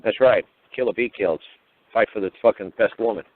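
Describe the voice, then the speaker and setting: Fast-talking blunt man on a tinny line. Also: on the low side, dry recording. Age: older. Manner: blunt, swearing heavily, acting out both sides of arguments. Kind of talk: profane storytelling monologue. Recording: tinny phone-line audio.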